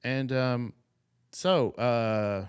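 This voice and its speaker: A man's voice: mid-range voice, extremely slow, clean tone. A man co-hosting a podcast, ranting casually with swearing and laughs. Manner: animated ranting, profane, laughs. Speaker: podcast co-host.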